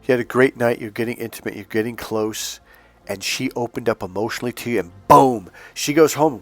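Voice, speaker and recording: A man's voice: medium pitch, normal speed, dry recording. A man coaching on dating in a casual, blunt monologue, swearing freely and acting out quoted voices. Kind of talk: casual direct-to-camera monologue.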